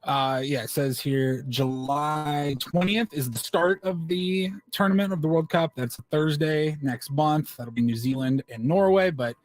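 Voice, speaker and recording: A man hosting a sports radio show, running through news items in a relaxed way with frequent fillers. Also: fairly high pitch, unhurried, hardly any pauses, no room sound. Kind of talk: casual sports radio chat.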